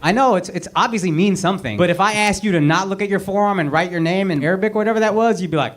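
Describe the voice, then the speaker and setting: A man's voice: high-pitched, lively intonation, fast talker, few pauses. A man doing crowd-work stand-up, brash and profane, teasing people in the audience from a club stage. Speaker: stand-up comedian. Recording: roomy club sound with loud crowd. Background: loud audience laughter.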